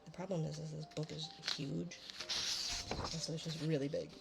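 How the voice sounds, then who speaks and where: Soft-spoken gravelly woman streamer. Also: low-pitched, flat delivery, moderate pace, over loud music. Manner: rambling, casual, self-deprecating. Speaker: ASMR streamer. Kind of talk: soft-spoken chat and storybook reading.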